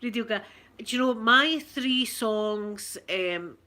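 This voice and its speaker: Bright-voiced chatty Scottish woman. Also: on the high side, takes it slowly. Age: middle-aged. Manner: chatty, rambling storyteller reading out viewer comments. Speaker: ASMR streamer. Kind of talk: casual live chat.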